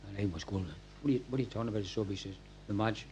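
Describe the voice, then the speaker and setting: An older man, a former football manager telling lively anecdotes at a club night and acting out what people said. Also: lowish voice, racing, slight background noise. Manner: animated storyteller, acts out quoted lines. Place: packed function room.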